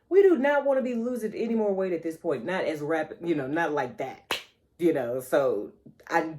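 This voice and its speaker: Woman, vlogger, mellow voice, animated, lively pitch, casual chat. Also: moderate pace. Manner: animated, playful, talks to viewers as honey and child.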